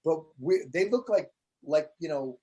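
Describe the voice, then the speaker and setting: A man's voice: fairly high pitch, measured pace, husky. A man, a comedian guest in an interview, telling stories in casual chat and acting out quotes. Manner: animated storyteller, acts out quotes.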